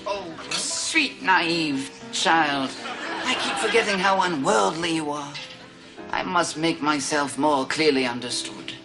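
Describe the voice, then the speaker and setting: A man's voice: a little high, expressive, slow pace, over music, a crowd in the background. An actor playing a formal, earnest upper-class man proposing in a TV sketch. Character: prim, naive upper-class male suitor. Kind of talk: TV sketch comedy acting.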